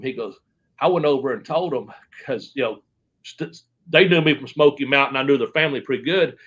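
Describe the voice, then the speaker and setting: A man's voice: mid-range voice, a bit bright, highs cut off. A man, a former wrestler telling stories in a long interview, rambling and swearing as he goes. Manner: rambling, profane, trailing off into restarts. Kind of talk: shoot interview storytelling.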